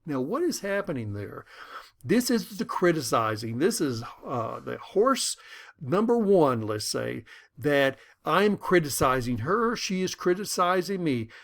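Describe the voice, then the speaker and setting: A man's voice: a little high, unhurried, creaky. A man lecturing on conflict management, telling personal stories and acting out the dialogue in them. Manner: animated storytelling that acts out dialogue.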